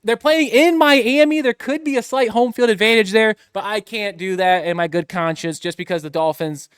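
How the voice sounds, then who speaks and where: A man's voice: sits high, moderate pace, a bit bright, smooth, no echo, studio quality. A young man hosting a casual sports picks chat, joking and upbeat in his banter. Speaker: host.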